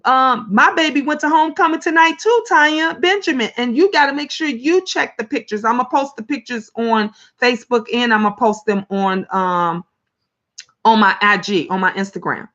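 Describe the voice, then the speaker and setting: Animated chatty Chicago woman. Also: a little high, normal speed. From Illinois, USA. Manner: animated, chatty, laughs often. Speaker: livestream host. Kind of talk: casual livestream chat, reading comments aloud. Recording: lo-fi webcam audio.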